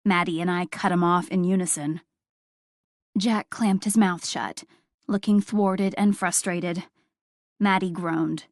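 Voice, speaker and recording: A woman reading a first-person novel aloud with wry, expressive storytelling. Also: medium pitch, unhurried, dry recording, studio quality. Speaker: audiobook narrator. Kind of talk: first-person audiobook narration.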